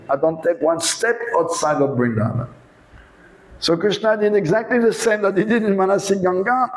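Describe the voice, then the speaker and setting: A monk preacher telling a devotional story in an animated sermon, acting out the dialogue. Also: male voice, on the high side, fairly quick, poor audio.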